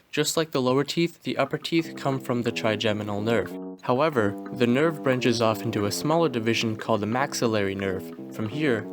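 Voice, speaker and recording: A young man giving a dry, deadpan mock-scientific commentary, sounding tired from a late-night home recording. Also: mid-range voice. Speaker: video essayist. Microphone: home recording mic. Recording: voice over clear background music.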